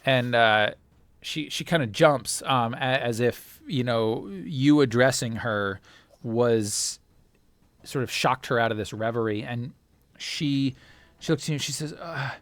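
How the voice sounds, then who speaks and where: A man's voice: medium pitch, a bit bright, no echo. A man running a tabletop role-playing game as game master, narrating with many fillers and restarts. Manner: halting, full of fillers and restarts.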